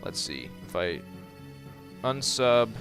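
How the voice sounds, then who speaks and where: Slow, rambling young man streaming games. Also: medium pitch, very animated, music in the background. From Netherlands. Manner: rambling, trails off and restarts while fiddling with settings. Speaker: gaming streamer. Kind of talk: casual livestream commentary.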